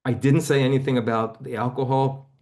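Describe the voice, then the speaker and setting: A man teaching a seminar, gently guiding a volunteer through a body-focused therapy exercise over a video call, often dropping to a hush. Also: mid-range voice, flat delivery, fairly quick.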